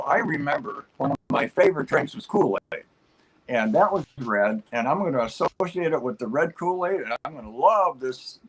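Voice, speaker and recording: A man's voice: mid-range voice, fairly bright tone, husky, low-quality recording. A man guest on a talk show, telling a long personal story in an upbeat, rambling way, full of fillers and restarts.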